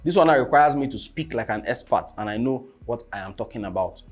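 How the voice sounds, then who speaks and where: In a relaxed teaching talk on presenting, a young man speaks fast with lively intonation in a mid-range voice. He keeps checking "you understand?" and breaks into sudden loud outbursts, soft music playing behind him.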